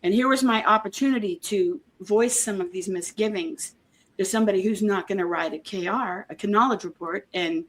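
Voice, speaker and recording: A woman being interviewed, talking earnestly in a halting way, with many restarts and homely comparisons. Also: mid-range voice. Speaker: interview guest, former member of a church group. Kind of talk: casual conversational interview.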